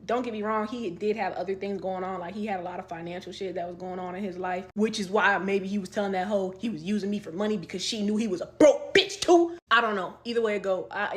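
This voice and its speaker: A young woman in her twenties telling a story to her viewers in casual talk, swearing, laughing and swinging between loud outbursts and quiet asides. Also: mid-range voice. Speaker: storytime vlogger.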